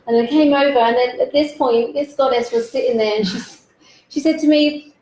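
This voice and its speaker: Woman, fill-in host, casual chat, animated, casual swearing, fairly high pitch, roomy echo. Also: brisk, slight background noise.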